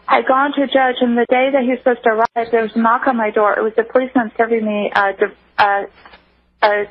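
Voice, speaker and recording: Husky-voiced woman over a phone line. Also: fairly high pitch, flat delivery, dry recording. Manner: earnest, halting, many restarts. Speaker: radio interview guest. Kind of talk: personal account on a call-in show. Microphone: telephone.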